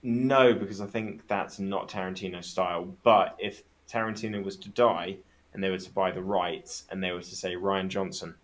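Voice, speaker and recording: A man's voice: low-pitched, fairly even intonation, moderate pace. A man guest on a casual podcast chat, telling stories with enthusiasm and swearing freely.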